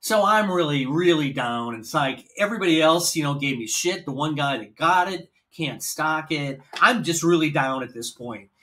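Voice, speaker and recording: A Midwestern man spins a casual story on his podcast, cursing freely and playing every part of the dialogue himself. His voice is bright and slightly high for a man. His pitch swings widely as he talks. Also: normal speed, hardly any pauses. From American Midwest. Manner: animated, profane, acts out dialogue. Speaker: podcast host.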